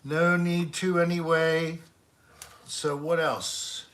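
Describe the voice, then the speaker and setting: A man's voice: a little high, level tone, slow, fairly bright tone. A man hosting a casual livestream chat, joking and trying bad accents when asked. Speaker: host.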